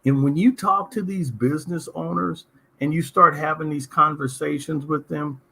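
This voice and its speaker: Animated husky Californian host. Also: male voice, on the high side, normal speed. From Southern California. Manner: animated and emphatic, telling anecdotes. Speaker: talk show host. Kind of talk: conversational interview storytelling.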